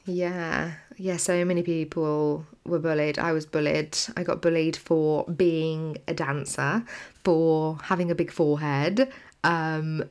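A woman co-hosting a podcast in casual chat, talking freely and laughing often. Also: fairly low pitch. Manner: chatty, laughs often, uses "like" a lot. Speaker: podcast co-host.

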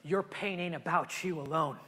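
A male pastor preaching a sermon in a church, emotional and animated, often restarting his sentences. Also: a little high, moderate pace, big-room sound. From immigrated to the US at twelve. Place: church sanctuary.

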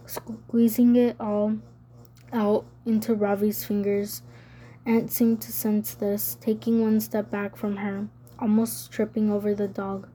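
A woman reading a novel aloud as an audiobook narrator, measured and even. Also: mid-range voice. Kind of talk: scripted narration.

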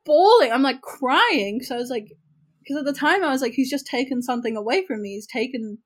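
NZ woman podcaster, higher voice, frank yarn-spinner with loose swearing. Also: fast, husky, low-quality recording. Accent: New Zealand. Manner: frank, animated storyteller, swears casually and fills with "like". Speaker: podcast co-host. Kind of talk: casual storytelling chat.

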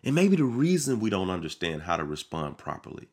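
A man's voice: sits low, a little fast. Man preaching animatedly on a podcast. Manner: animated preaching, acts out quoted voices. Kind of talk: podcast sermon.

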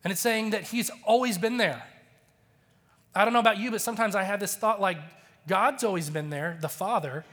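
A man's voice: high-pitched, a little fast, a bit bright. A man in his thirties, a pastor giving a conversational, storytelling sermon that acts out the quotes. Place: church auditorium.

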